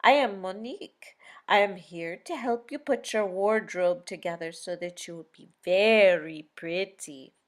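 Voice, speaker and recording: A woman's voice: medium pitch, a little slow, natural voice. A woman doing a French-accented young woman. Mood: friendly. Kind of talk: audiobook character reading.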